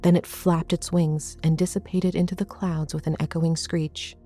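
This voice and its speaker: A woman with a low, mellow voice reads a first-person horror story at a measured, suspenseful pace. Faint music plays softly behind her narration. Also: little pitch movement.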